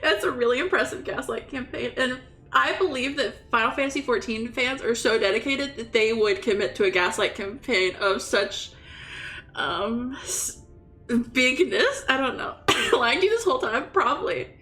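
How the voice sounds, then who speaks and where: A woman's voice: on the high side, expressive, normal speed, a bit bright. A young woman giving casual, emotional commentary on a game playthrough, giggly and swearing freely. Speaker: gaming streamer.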